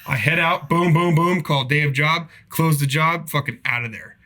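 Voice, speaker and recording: A man casually telling profane, animated stories about his cable installer job. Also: on the high side, normal speed. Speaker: podcast guest, cable installer. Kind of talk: casual storytelling.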